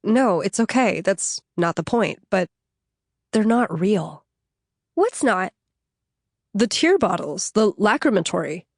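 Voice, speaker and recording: Woman narrator as a blunt young woman in grief, incredulous and matter-of-fact, only a little above her own lower voice, dry close reading. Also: expressive, takes it slowly, long pauses, no echo. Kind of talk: audiobook dialogue reading.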